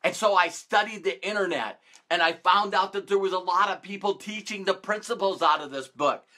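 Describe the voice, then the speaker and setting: A man's voice: high-pitched, fairly quick, pushed and bright. A man giving a motivational talk to his viewers, emphatic, acting out his own past reactions in quoted lines. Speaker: motivational coach.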